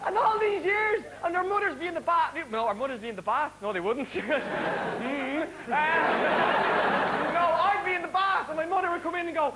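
Brief: high-voiced, excitable male stand-up comic, live TV studio, loud crowd. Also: moderate pace. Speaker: stand-up comedian. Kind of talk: stand-up comedy on a TV show. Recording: live studio audience, noisy broadcast recording.

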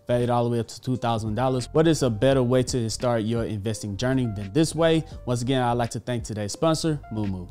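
A man hosting a casual finance video, upbeat and energetic with offhand asides. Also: medium pitch. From Texas. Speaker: host. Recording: faint background music.

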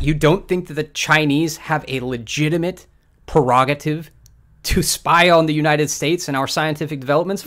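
A man hosting a podcast with livestream commentary, combative and sarcastic, dropping to mutters and then breaking into loud outbursts. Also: fairly high pitch, fairly even intonation, normal speed. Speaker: podcast host.

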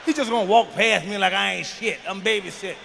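A man doing a stand-up comedy routine, blunt and profane, shouting his punchlines. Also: sits high, fast, gravelly. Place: live comedy stage in a large venue. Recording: live hall with long reverb, faint background noise.

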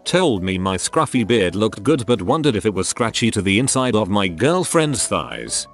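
A man narrates Reddit stories in a low voice. His pitch rises and falls a lot, but his delivery stays deadpan and matter-of-fact. Soft music plays quietly underneath. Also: normal speed. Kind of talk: reading Reddit stories aloud.

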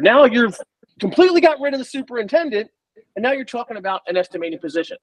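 A middle-aged man, a recruiter, explaining in a casual, energetic way and acting out both sides of sales calls on a group video call. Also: extremely high pitch, quick pace, no echo. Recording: dry, distant from the mic.

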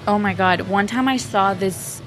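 A woman's voice: medium pitch, a little slow, over music. A young woman from Mexico, the owner's daughter, chatting about her family's restaurant with lots of "like" and "um". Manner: chatty, frequent "like" and "um". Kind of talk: casual interview.

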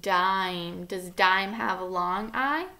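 A woman's voice: mid-range voice, pushed and bright. A woman teaching a phonics lesson to kindergarteners, sounding out letters one by one and praising often. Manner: slow, sound-by-sound enunciation with encouraging praise. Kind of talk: phonics lesson for young children.

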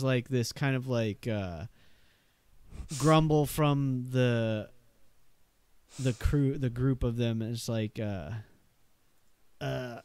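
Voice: medium pitch, darkish tone, clear, resonant tone, dry recording. A game master running a tabletop game, narrating with many hesitations and fillers.

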